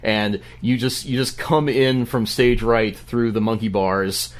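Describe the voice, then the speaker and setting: A man telling a story on a podcast in an animated way, with lots of stammering restarts. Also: fairly low pitch, measured pace. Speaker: podcast guest. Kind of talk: casual podcast chat.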